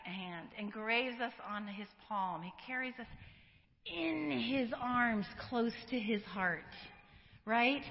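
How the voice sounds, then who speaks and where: A middle-aged woman giving an animated, chatty church teaching talk and laughing often. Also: on the high side. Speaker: women's ministry speaker. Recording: echoey hall, dull lo-fi recording.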